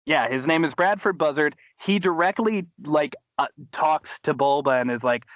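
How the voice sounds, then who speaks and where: A man's voice: a little high, lively intonation, normal speed, hardly any pauses, dry recording, highs cut off. A man hosting a casual podcast, recapping episodes with enthusiastic, rambling talk. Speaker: podcast host. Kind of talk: casual chat.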